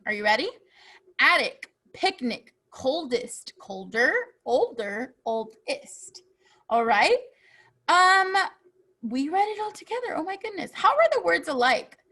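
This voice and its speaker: A woman's voice: sits high, fairly bright tone. A woman teaching a children's phonics lesson, patiently asking questions and answering them herself.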